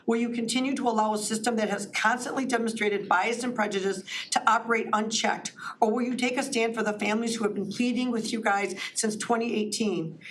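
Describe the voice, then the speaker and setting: A woman's voice: fairly high pitch, steady tone, brisk, few pauses, distant mic, slight background noise, low-quality recording. A woman speaking during public comment at a county board meeting, impassioned and pleading, rambling with restarts.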